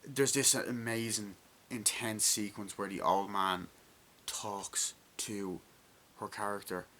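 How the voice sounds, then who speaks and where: Irish male movie reviewer, casual and excitable, crisp bright tone, faint hiss behind. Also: on the low side, takes it slowly. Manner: rambling and enthusiastic, with swearing.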